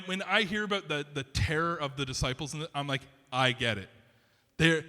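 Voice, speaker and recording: Male pastor, high bright voice, chatty animated sermon delivery, reverberant church hall. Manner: animated, conversational preaching with many restarts and asides. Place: church sanctuary.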